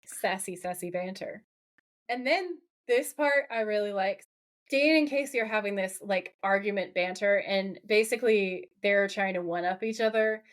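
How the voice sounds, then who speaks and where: A woman's voice: mid-range voice, moderate pace. A woman co-hosting a podcast, casually recapping a TV episode and reading out lines from its scenes. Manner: reads out quotes from the scenes, lively retelling. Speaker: podcast co-host.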